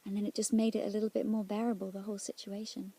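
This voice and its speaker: A woman shares a personal prayer testimony in a soft, halting voice that often sinks into near-whispers. Her tone is dark and husky, with a gravelly edge. She pauses and restarts as she searches for her words. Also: mid-range voice, level tone. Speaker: Christian speaker sharing a prayer experience.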